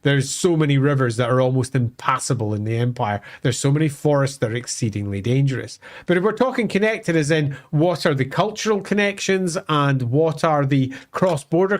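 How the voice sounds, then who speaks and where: A man co-hosting a live lore stream, explaining at length with fillers and restarts. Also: fairly high pitch. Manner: explanatory, thinks aloud with fillers. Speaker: co-host.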